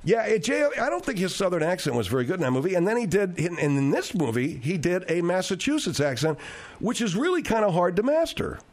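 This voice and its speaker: Rambling, animated male radio host. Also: sits high, a little fast. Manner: rambling, digressive storytelling with restarts. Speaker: radio talk show host. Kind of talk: radio talk show chat.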